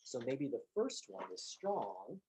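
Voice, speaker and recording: A man teaching piano, explaining calmly and patiently, step by step. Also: mid-range voice, takes it slowly, poor audio. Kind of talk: instructional demonstration.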